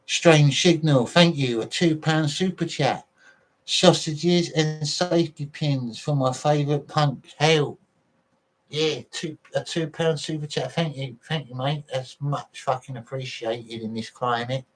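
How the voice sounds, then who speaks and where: A man's voice: a little high, unhurried, poor audio. A man hosting a livestream, reading out viewer messages and ranting in a blunt, profane way. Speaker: livestream host.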